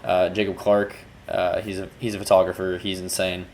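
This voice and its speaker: Here a man with a low voice speaks in a completely flat way at a moderate pace, with a little hiss or hum in the audio. He's a music video director giving a casual, loose breakdown of his video work, often starting his sentences over.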